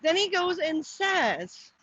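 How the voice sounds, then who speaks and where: A middle-aged Canadian woman walks outdoors to the post office, chatting casually on a live stream; she rambles, restarts often and answers viewer comments aloud. Her very high voice is sing-song, slow and a bit bright. The audio is dull with slight background noise.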